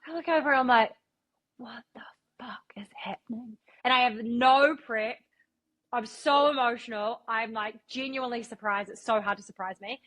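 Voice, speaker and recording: A woman's voice, a little high and fairly bright, moves at a moderate pace. She's a New Zealand radio broadcaster and chatty storyteller, swearing freely as she spins tales in a casual interview.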